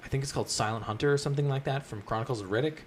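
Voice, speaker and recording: A young man co-hosting a gaming podcast, talking in an excitable way, swearing casually as he describes game modes. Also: medium pitch, rapid-fire, slight background noise. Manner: excitable, swears, animated retelling. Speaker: podcast co-host.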